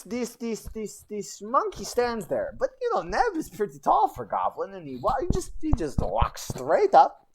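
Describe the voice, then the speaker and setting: A woman's voice: mid-range voice, noisy background. A woman streamer telling a goblin legend in rambling, broken goblin-style grammar, with chatty asides. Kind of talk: casual livestream storytelling.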